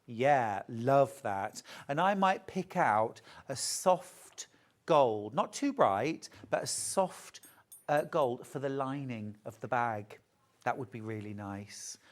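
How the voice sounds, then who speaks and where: A middle-aged British woman presenting a live TV shopping show about sewing, chatting and gushing over fabrics. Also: a bass voice.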